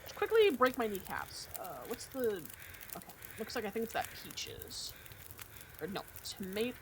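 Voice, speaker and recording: A woman's voice: on the high side, very animated, moderate pace, slight background noise. A woman streaming a survival game, talking casually, joking and swearing freely. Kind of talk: casual gameplay commentary.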